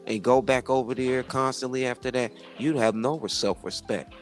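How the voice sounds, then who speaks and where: A man's voice: medium pitch, steady tone, normal speed, soft background music. A man co-hosting a casual gossip livestream who gives laid-back, slangy commentary. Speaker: co-host.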